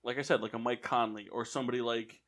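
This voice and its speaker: A man's voice: medium pitch, steady tone, fast talker, fairly bright tone. A man co-hosting a casual sports podcast, arguing his opinions at length. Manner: opinionated, argues points at length. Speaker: podcast co-host.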